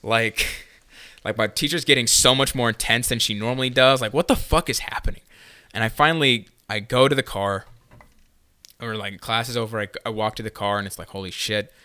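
A man's voice: mid-range voice, fairly quick, sharp tone, smooth, dry recording. A young man telling a long story on a casual podcast, rambling with lots of fillers and swearing. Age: young adult. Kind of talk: casual chat.

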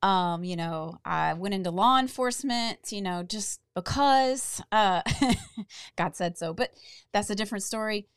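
Woman, podcast co-host, earnest and encouraging, mid-pitched, dry close mic. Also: unhurried, clean tone, no room sound. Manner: earnest, encouraging, animated storytelling. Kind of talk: casual faith-based podcast talk.

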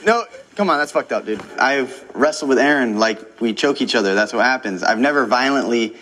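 A man's voice: medium pitch, expressive, a bit bright, slight background noise. A young man in a heated, profane, defensive rant about accusations made against him. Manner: profane, defensive, fast-talking. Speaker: YouTuber responding to allegations.

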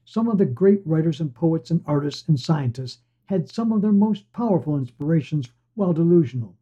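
A man's voice: fairly high pitch, lively intonation, fairly quick, mellow, breathy edge. A man voicing a chatty, pushy talking severed head of a man, needling and wheedling. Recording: dull lo-fi recording.

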